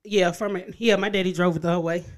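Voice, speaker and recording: A woman's voice: fairly low pitch, steady tone, quick pace. Laughing woman guest in casual chat. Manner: laughs while telling family stories. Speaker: podcast guest.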